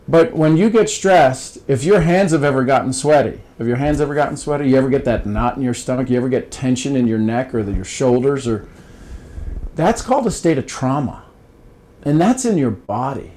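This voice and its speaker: Speaking at medium pitch with a slightly mellow tone, this older Ohio man is a guest on a podcast, offering folksy, coach-like advice in casual conversation. He frequently restarts and repeats words. The recording quality is low.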